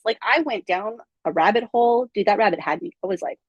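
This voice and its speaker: A woman's voice: mid-range voice, quick pace, few pauses, slightly rough, no room sound, highs cut off. A woman guest on a podcast, chatting casually and telling an emotional story with animation. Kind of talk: casual chat.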